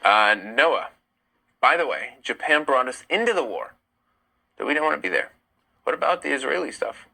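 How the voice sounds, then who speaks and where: Hosting a casual livestream, a young man from the United States reads viewer comments aloud and responds in an animated, argumentative way. His mid-range voice is gravelly, at a moderate pace with frequent pauses, on a low-quality recording.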